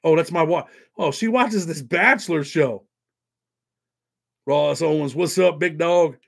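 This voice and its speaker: A man's voice: fairly high pitch, measured pace, creaky, slightly rough. A man hosting a casual livestream, rambling and profane, reading viewer donations aloud between prison stories. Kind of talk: casual live chat with viewers.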